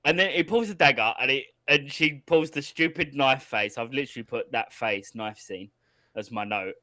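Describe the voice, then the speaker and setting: Bright-voiced sweary podcast guy. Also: medium pitch, normal speed, no room sound. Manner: sweary, laughs a lot, acts out quotes. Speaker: podcast co-host. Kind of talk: casual chat, movie review.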